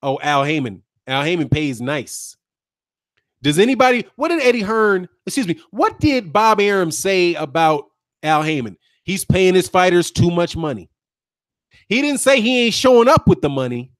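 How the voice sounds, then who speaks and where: A man hosting a boxing channel stream, chatty and animated, talking straight to his viewers and laughing often. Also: high voice, moderate pace. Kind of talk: live-stream boxing commentary.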